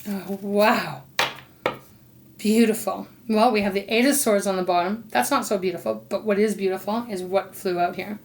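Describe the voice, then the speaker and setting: A woman doing an intuitive tarot reading, talking in a loose, rambling way and pausing to ask her spirit guides. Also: medium pitch, fairly even intonation, slight background noise. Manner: rambling, warm-hearted, talks to spirit guides between cards. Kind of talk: casual spoken tarot reading.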